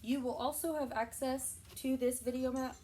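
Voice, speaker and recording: A woman teaching a recorded music lesson for young children, explaining terms slowly and patiently. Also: high voice, steady tone, warm tone, recorded from a distance, slight background noise.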